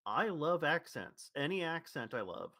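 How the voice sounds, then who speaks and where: A man's voice: fairly high pitch, animated, measured pace, pushed and bright, dry recording. Rambling guy with a neutral accent. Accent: neutral General American. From Louisville, Kentucky. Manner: rambling, self-correcting, with many restarts. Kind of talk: casual chat.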